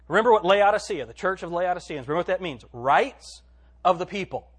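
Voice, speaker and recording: Lively, husky-voiced male preacher. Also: sits high. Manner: dramatic swings from hushed to loud, drawn-out emphasis. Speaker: pastor. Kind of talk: sermon.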